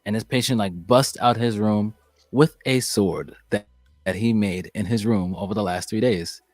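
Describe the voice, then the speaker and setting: A young man as a podcast guest, chatting casually and telling animated, profane stories. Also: on the low side, normal speed, no echo. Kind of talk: casual chat.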